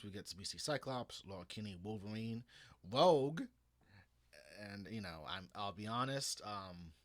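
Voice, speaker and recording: A man's voice: lowish voice, fairly bright tone. A man in his thirties talking casually and ramblingly about comics, with restarts and swearing. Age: 30s. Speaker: comics vlogger. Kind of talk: casual opinion monologue.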